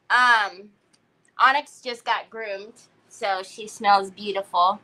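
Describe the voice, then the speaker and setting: A woman's voice: medium pitch, steady tone, slow, bright, forceful tone, a little hiss or hum, rough recording. A middle-aged woman hosting a craft livestream, chatting casually from a parked car and telling a story while greeting viewers by name.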